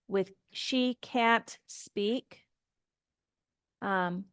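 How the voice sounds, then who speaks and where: A woman's voice: medium pitch, extremely slow, a bit bright, clean tone, no room sound, clean studio sound. A woman teaching an English grammar lesson, explaining patiently and repeating example phrases to model pronunciation.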